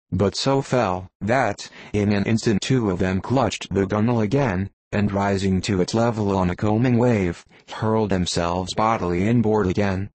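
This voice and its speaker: A man narrating a classic novel as an audiobook in a measured, expressive reading. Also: lowish voice, no echo, rough recording.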